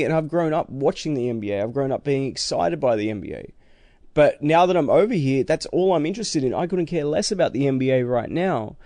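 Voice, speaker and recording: A man's voice: fairly high pitch, mellow, no echo. A man hosting a sports podcast, talking in a rambling, emphatic way. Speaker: podcast host. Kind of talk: casual sports podcast chat.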